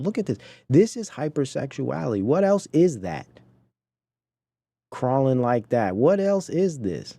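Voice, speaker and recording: A man's voice: medium pitch, sing-song, a little slow, vocal fry, warm tone, no echo. A man hosting a podcast, giving indignant, preachy commentary on video clips and talking to his chat. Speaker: podcast host.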